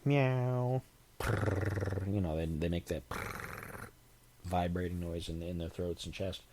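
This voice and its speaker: Rambling low-voiced man hosting a podcast. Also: monotone, moderate pace, heavy background noise. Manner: chatty, self-deprecating, imitates cat sounds. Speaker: podcast host. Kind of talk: casual rambling monologue.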